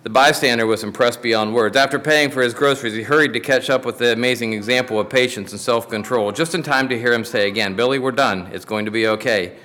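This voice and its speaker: A man's voice: mid-range voice, fast talker, few pauses, pushed and bright. Man preaching a folksy Father's Day sermon. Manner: folksy storytelling with restarts.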